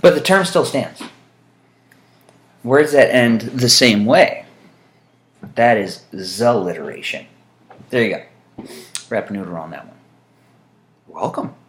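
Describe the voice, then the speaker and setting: A man's voice: mid-range voice, lively intonation, slow pace, pauses often. A man chatting casually to camera in a vlog, meandering and dry-humored, with frequent fillers. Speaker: vlogger. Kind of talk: casual rambling monologue to camera.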